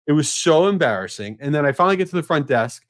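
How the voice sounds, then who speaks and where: A middle-aged man hosting a podcast, telling an embarrassing story in a casual, animated, self-mocking way. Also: quick pace. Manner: animated, self-mocking, rising to a high squeal at punchlines. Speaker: podcast host.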